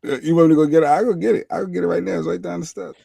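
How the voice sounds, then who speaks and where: A man's voice: a little high, fairly even intonation, rapid-fire, creaky, dark tone, husky, dry recording. A man co-hosting a casual livestream, easygoing and rambling, often repeating himself. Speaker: livestream co-host.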